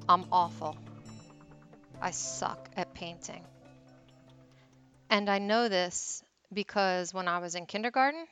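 A woman's voice: medium pitch, bright, forceful tone. A woman hosting a wellness talk, telling a candid, self-deprecating personal story. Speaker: wellness teacher and host.

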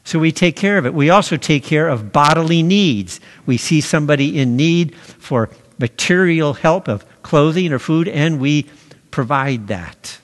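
A man preaching a sermon, slow and deliberate, pausing to stress key words. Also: a little high, expressive, long reverb tail. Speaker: pastor.

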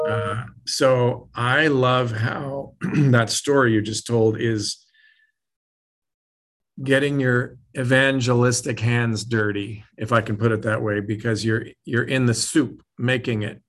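A man hosting a casual interview, talking in a reflective way and slowing down to stress key words. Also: medium pitch, steady tone, a bit bright, faint music behind. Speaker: podcast host.

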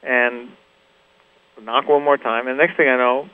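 A middle-aged man chats as an interview guest, his voice of ordinary middle pitch. He tells long anecdotes at an easy pace, full of fillers and restarts. The feel is loose and conversational. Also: unhurried, smooth, dry recording, phone-quality sound. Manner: relaxed, rambling anecdotes with many fillers and restarts. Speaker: guest musician, guitarist. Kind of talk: casual interview storytelling.

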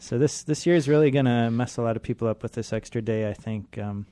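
A man's voice: mid-range voice, fast, warm tone, dry recording. A man co-hosting a radio show, hesitant with many fillers and making dry quips. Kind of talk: casual radio banter.

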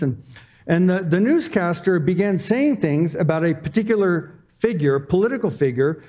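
High-voiced man preaching casually. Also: a little mellow. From Arizona. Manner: conversational, self-deprecating storytelling. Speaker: pastor. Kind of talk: sermon with personal stories.

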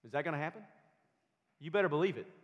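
A man preaching a sermon with emphatic delivery, building to loud, forceful peaks. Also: a little high, expressive, quick pace, long reverb tail, highs cut off. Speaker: pastor.

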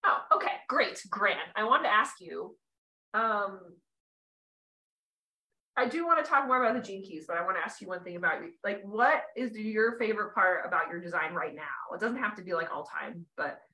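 A woman hosting a podcast rambles through her thoughts in a bright, edgy voice, teary and quick to laugh. The sound is roomy and echoing. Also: medium pitch. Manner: rambling, emotional, laughs often. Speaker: podcast host. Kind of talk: casual chat.

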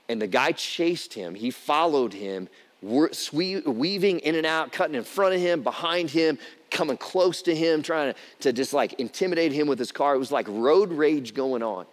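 A male pastor delivers a sermon in an easy, conversational storytelling voice that swells into emphatic peaks. His pitch sits in an ordinary middle register. The sound carries a long reverb from a church hall.

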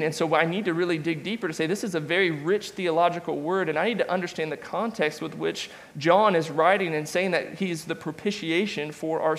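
High-voiced man teaching in a hall. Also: fairly bright tone. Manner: conversational, with restarts and asides. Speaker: Bible class teacher. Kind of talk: classroom teaching. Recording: long reverb of a large room.

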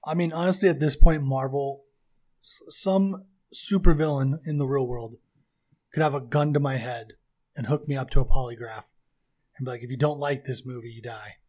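A man's voice: mid-range voice, fairly even intonation, moderate pace, a little mellow. A man co-hosting a casual podcast chat, enthusiastic and rambling, laughing at his own points. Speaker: podcast co-host.

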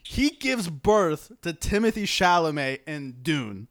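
A man's voice: fairly high pitch, very animated, takes it slowly, a bit bright. Joking, swearing young-sounding man chatting. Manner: loose, joking, swears freely. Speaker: podcast co-host. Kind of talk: casual chat.

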